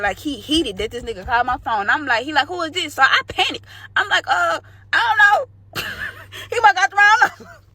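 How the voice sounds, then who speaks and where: Young woman, candid storytime vlogger, slangy, a touch high-pitched. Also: pushed and bright, breathy edge, no room sound. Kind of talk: storytime vlog.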